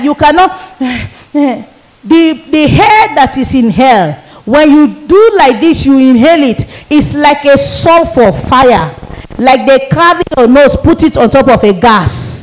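A woman's voice: high-pitched, low-quality recording. A woman evangelist, giving an emotional sermon testimony and repeating phrases for emphasis. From Nigeria.

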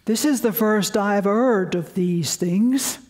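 A man's voice: sits high, a little mellow. Woman doing a blunt Yorkshire physicist. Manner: slow, deliberate, matter-of-fact. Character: blunt senior male physicist in front row.

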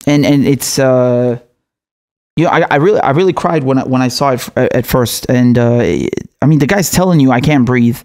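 A man's voice: medium pitch, moderate pace, darkish tone. A man giving an angry commentary monologue, heated and profane, often stammering and restarting his sentences. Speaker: political commentator.

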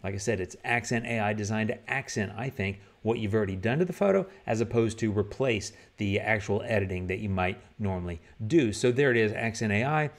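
A man's voice: fairly low pitch, fairly quick, few pauses. A man hosting a photo-editing tutorial, talking casually and thinking aloud as he works. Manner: relaxed, conversational, thinks aloud with fillers. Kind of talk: casual screen-recorded software tutorial.

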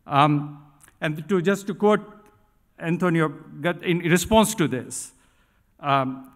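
A middle-aged man giving a conference keynote speech, talking deliberately with frequent ums and emphatic restatements. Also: on the high side. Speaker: keynote speaker at an industry conference. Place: large conference hall. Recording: reverberant hall sound.

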